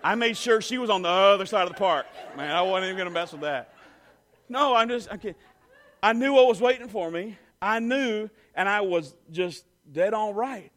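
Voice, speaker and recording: A man telling an animated personal story to an audience, full of "you know" and "I mean". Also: sits high, normal speed.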